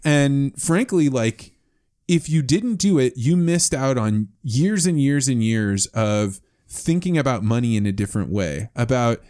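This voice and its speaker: Guy hosting a podcast, eager, talks in bursts, middle pitch. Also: lively intonation, measured pace, darkish tone. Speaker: podcast host. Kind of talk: casual interview chat.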